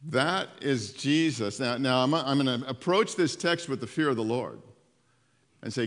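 A man preaching a sermon as pastor. He retells the story conversationally, with lively asides to the congregation. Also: mid-range voice, a little slow. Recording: long hall reverb.

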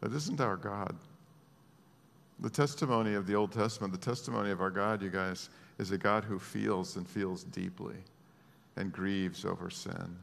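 A man preaching a sermon as a pastor, earnest and emotional, moving between hushed and raised speech. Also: sits low, steady tone, normal speed, gravelly, long reverb tail.

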